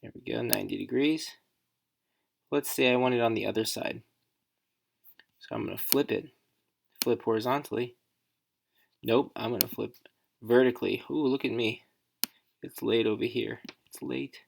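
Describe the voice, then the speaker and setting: Gravelly-voiced woman demoing software. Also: extremely low pitch, slight background noise. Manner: thinks aloud, chatty, upbeat asides. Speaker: educator giving a software tutorial. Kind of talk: casual screen-recorded walkthrough.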